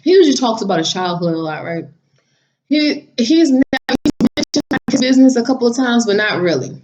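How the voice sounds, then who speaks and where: A woman's voice: on the high side, fast talker, loud music behind the voice. Chatty woman vlogger, slightly lo-fi. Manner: chatty, animated, laughs while telling stories. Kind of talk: casual storytelling vlog. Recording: slightly dull lo-fi audio.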